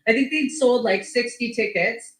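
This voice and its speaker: A woman guest telling a story in casual chat, lively and full of quoted speech and swearing. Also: on the high side, moderate pace. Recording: echoey room.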